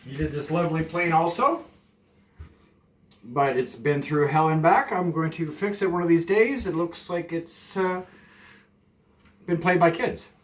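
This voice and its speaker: A man from Canada, chatting calmly and softly to the camera while cooking in his home kitchen, rambling off into asides. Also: fairly high pitch. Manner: deliberately soft and calm, rambling asides. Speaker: cooking vlogger. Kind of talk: casual cooking chat to camera. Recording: echoey kitchen, mic from far off.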